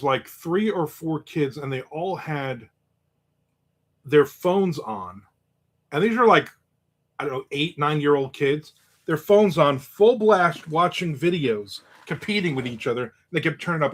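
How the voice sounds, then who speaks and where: His voice sits a little high and has a fairly bright tone. The middle-aged man hosts a casual live video show, chatting through viewer comments, recounting everyday happenings and joking with those watching.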